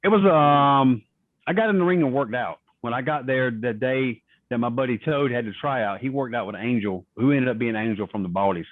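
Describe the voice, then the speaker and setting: A man telling stories on a podcast, his voice coming through a thin, phone-like line that is dry and close. He speaks in a middle pitch and acts out the lines of the people he quotes as he goes. The talk is casual and relaxed. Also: a little fast, dry recording. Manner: animated storyteller acting out quoted voices. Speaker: guest, retired wrestler. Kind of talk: casual interview storytelling.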